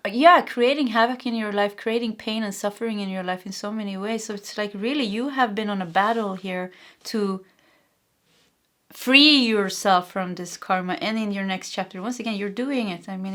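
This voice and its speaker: A woman's voice: mid-range voice, a bit bright. Swedish woman giving a tarot reading. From Sweden. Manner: emotional, earnest, frequent laughs and fillers. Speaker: tarot reader. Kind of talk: pick-a-card tarot reading.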